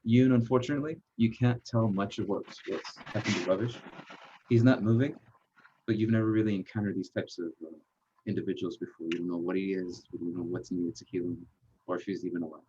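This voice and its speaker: A low-voiced man running a tabletop game as game master. He narrates in a halting way, with pauses and fillers between phrases. The recording sounds dull and lo-fi. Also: steady tone, warm tone, a little hiss or hum.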